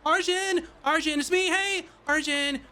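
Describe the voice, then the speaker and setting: Man doing a bubbly, shrill young librarian woman. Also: racing. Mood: excited. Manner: high excited calling. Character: cheerful young woman, library worker, pushy.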